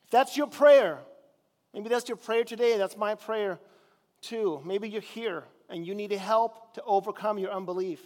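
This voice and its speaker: Male pastor, high voice, conversational sermon, long hall echo. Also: a little slow, darkish tone. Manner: conversational preaching, repeats words when searching.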